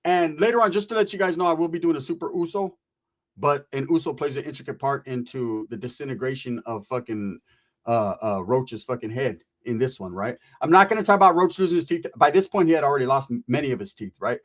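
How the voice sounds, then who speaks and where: A man's voice: medium pitch, lively intonation, quick pace. Profane man telling a rowdy story. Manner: profane slang-filled storytelling. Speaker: podcast host. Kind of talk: casual storytelling.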